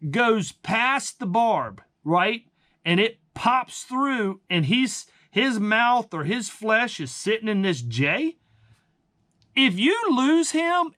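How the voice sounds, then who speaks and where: A man's voice: fairly high pitch, lively intonation, takes it slowly, a bit bright. A man hosting a fishing channel, giving blunt, emphatic tips in casual talk and calling the viewers guys.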